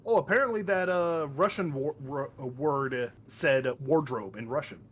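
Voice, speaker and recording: A man's voice: a little high, moderate pace, a bit bright, a little hiss or hum. Joking man playing a game. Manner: joking, stumbling over names. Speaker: let's play host. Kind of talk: casual gameplay commentary.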